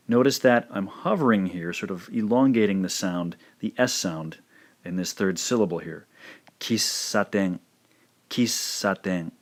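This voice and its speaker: A man with a fairly low voice teaches a language lesson, speaking in a measured, careful way. He demonstrates sounds by repeating each word several times. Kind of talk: scripted lesson narration.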